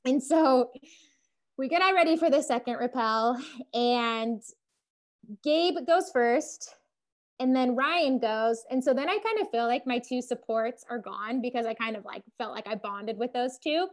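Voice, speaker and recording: A podcast host, a young woman, tells the story of her climbing trip in a casual, relaxed chat. Her voice is slightly high, and she speaks unhurriedly in loose stretches full of "like," laughing now and then as she goes.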